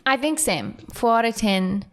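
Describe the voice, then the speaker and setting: A woman's voice: on the high side, lively intonation, moderate pace, a bit bright. A young woman co-hosting a casual podcast in an easygoing way. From South Africa. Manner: easygoing, laughs often. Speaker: podcast co-host. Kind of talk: casual chat.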